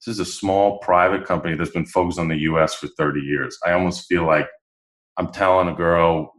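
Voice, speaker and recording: A man's voice: sits low, brisk. A man, a podcast guest, telling stories in a casual interview and acting out the lines of people he quotes. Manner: animated, acts out quoted dialogue. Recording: roomy echo.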